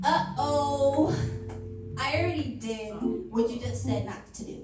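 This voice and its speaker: A woman's voice: high-pitched, measured pace. A woman preaching a sermon in a sarcastic way, slipping into mock voices of churchgoers. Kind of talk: sermon with mocking role-play. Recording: echoey hall, heard from far off, music behind.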